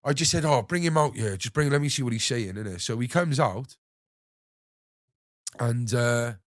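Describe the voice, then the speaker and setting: A man's voice: mid-range voice, moderate pace, no room sound, clean studio sound. Young man telling a wild story. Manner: animated anecdote-telling, swears freely, acts out others' lines. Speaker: podcast host. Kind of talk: casual storytelling chat.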